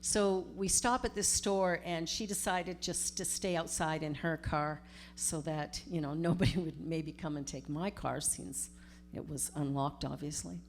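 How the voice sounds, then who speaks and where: A middle-aged woman, a minister giving a storytelling sermon in a conversational, animated way. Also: deep voice, unhurried, a little hiss or hum. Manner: conversational, animated retelling with acted-out quotes.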